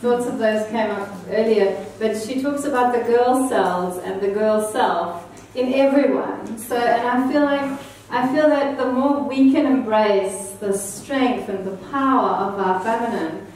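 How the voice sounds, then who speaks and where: A woman speaking on a panel, slow and earnest, searching for her words. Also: fairly high pitch, a little mellow, a little hiss or hum. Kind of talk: reflective event talk. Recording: echoey hall, mic far off, crowd.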